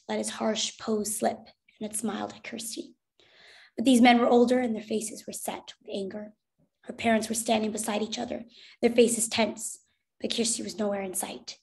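A woman, a teacher, narrating a children's novel aloud in an expressive, clear way. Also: a little high. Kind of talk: storybook read-aloud narration.

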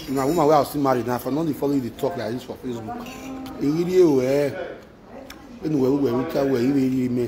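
A man's voice: mid-range voice, fast talker, crowd noise, rough recording. Nigerian man in a repetitive rant. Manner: repetitive, mixes Pidgin with exclamations. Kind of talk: emotional rant.

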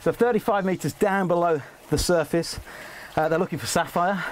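A man's voice: high-pitched, moderate pace, soft background music. A man from England presenting on location from an underground mine, chatty and curious. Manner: chatty, curious, asks many questions. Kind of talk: casual on-location chat.

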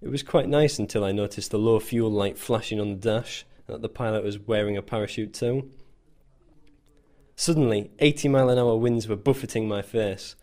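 A man's voice: fairly low pitch, moderate pace, warm tone. A man narrating a scripted first-person story in a dry, self-mocking way. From England. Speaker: volunteer soldier.

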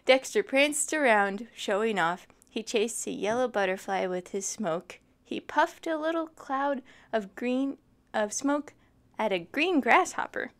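A woman's voice: on the high side, lively intonation, a little slow. A young woman reading a children's book aloud, chatting with her listeners between pages. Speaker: storytime reader.

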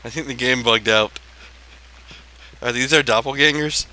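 A man's voice: medium pitch, normal speed, sharp tone. A man hosting a let's play, giving dry, sarcastic, swear-filled commentary on a horror game into a gaming mic. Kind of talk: casual gameplay commentary.

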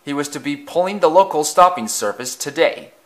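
A man narrating a children's railway story in a gentle, measured way. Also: fairly high pitch, lively intonation.

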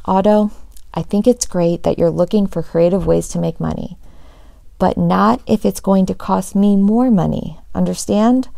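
A woman reading aloud as a stern, exasperated mother scolding her son, with a gravelly edge. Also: mid-range voice, moderate pace, dark tone, dry recording, studio quality.

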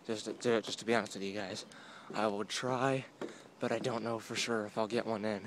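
On a boardwalk, a young man with a fairly low voice talks at an ordinary pace into a phone stretched out at arm's length. He rambles and pokes fun at himself in this casual walking vlog, and steady outdoor noise runs under the phone audio.

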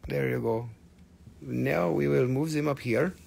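A man's voice: mid-range voice, a little slow, creaky, a little mellow, breathy edge. A man hosting a live online sale of crystals, joking, swearing and bantering with viewers as he prices each stone. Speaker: live-stream seller of crystals and minerals. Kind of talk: live online sales stream.

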